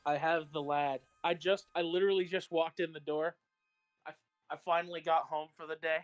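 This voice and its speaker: A man's voice: on the high side, level tone, normal speed, soft background music. A man chatting casually on a live stream, telling stories with laughs. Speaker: theater actor and co-host.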